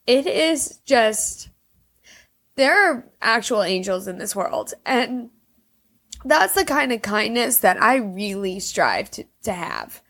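A woman's voice: fairly high pitch, sing-song, takes it slowly, vocal fry, fairly bright tone. A young woman tearfully telling a personal story in a casual, rambling way, full of fillers. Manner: rambling, emotional, heavy use of "like".

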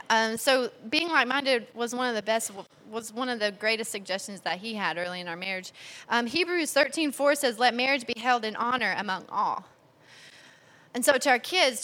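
Woman, 30s, bright and a bit high, chatty storyteller who acts out her own quotes with a raised voice. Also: big-room sound. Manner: chatty, animated, laughs while telling stories; acts out quotes in a higher, louder voice. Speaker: speaker sharing marriage advice. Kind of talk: personal talk to an audience.

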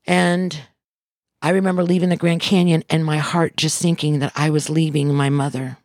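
Gravelly, impassioned woman motivational speaker. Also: sits low, flat delivery, normal speed, darkish tone, no room sound, clean studio sound. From Missouri, USA. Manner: emphatic, repetitive, heartfelt.

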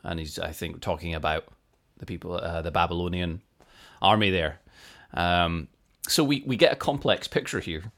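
A man's voice: low voice, normal speed, hardly any pauses, fairly bright tone. A man co-hosting a podcast, explaining Bible facts in a thoughtful, self-deprecating way and laughing easily. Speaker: podcast co-host. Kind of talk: casual chat and Bible teaching.

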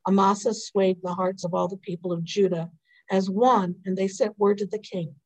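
A woman reading psalms and a scripture lesson aloud in a morning prayer service, in a measured, even way. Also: mid-range voice, low-quality recording. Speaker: scripture reader. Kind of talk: liturgical responsive reading.

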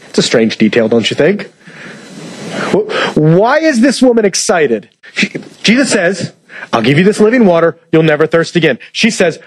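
A man's voice: high voice, big pitch swings, normal speed, slightly rough, no echo, rough recording. A male pastor giving a sermon in a conversational way, asking rhetorical questions and retelling scripture in plain words.

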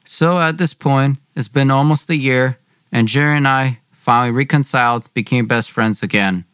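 A man's voice: mid-range voice, normal speed, fairly bright tone, clear, resonant tone, no room sound, studio quality. A young man narrating his own story in a plain, conversational way.

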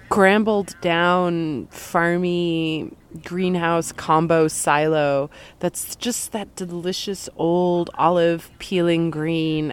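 Lowish-voiced young woman, stuffy head cold, giggly rambling podcast host, loves silly wordplay. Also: clear, resonant tone. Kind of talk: casual chat.

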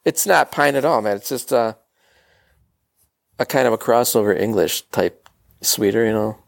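A man's voice: mid-range voice, moderate pace, vocal fry. A man as a podcast guest in casual chat, laid-back and jokey, peppering his talk with dude and man.

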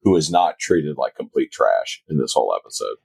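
A man co-hosting a podcast in casual chat, animated, often slipping into mocking voices. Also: extremely low pitch, a little fast, vocal fry, breathy edge, no room sound. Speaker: podcast co-host.

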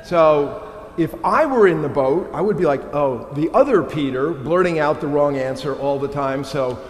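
A man preaching a sermon as a pastor, lively and humorous in a conversational way. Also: on the high side, normal speed. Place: church. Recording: echoey church hall with long reverb.

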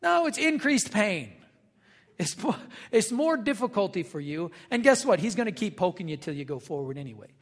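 Pastor, man, high voice, relaxed folksy sermon delivery, big hall reverb. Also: normal speed. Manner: conversational, folksy asides, acts out quotes.

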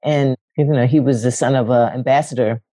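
A woman's voice: fairly quick, no echo. A woman from West Philadelphia, a poet and actress, telling stories candidly as a guest and acting out quotes with big leaps in her voice. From West Philadelphia, USA. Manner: animated, acts out quotes with big pitch leaps, casual swearing. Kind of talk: candid storytelling conversation.

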